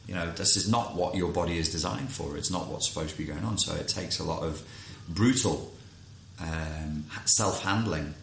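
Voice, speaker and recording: A man's voice: sits low, moderate pace, gravelly, roomy sound, slight background noise. Man, coach, casual monologue, frank and crude, faint background ambience. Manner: blunt, frank, swears freely. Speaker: coach working with clients.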